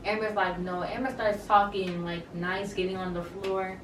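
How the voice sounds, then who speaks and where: A woman's voice: medium pitch, little pitch movement, normal speed, a bit bright, reverberant, distant mic, slight background noise. Chatty woman recapping, slangy and blunt. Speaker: reality TV recapper. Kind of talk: casual episode recap.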